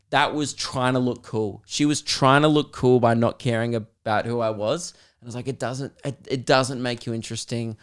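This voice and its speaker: A young Australian man, a comedian and podcast host, telling an animated, rambling story with lots of swearing. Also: mid-range voice, smooth. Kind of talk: casual storytelling.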